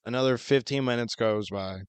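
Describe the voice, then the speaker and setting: A man's voice: medium pitch, a little fast, clear, resonant tone, no room sound. A young man co-hosting a podcast, telling a long story in casual chat, swearing a lot. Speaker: podcast co-host.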